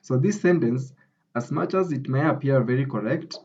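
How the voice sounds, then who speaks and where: The tutor's voice here is medium-pitched and mellow at a moderate pace, captured with dull audio. He's a Kenyan-accented academic writing tutor explaining grammar in a screen recording, often checking understanding with "okay?".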